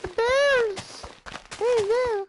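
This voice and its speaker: Guy doing a high squealing young guy, whiny, noisy home recording. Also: extremely slow, full character voice. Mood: panicked.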